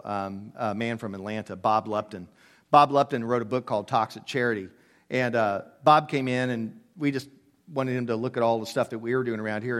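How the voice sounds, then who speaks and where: A man in his sixties preaching a sermon as a pastor, telling stories in an animated, emphatic way with casual asides. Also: medium pitch.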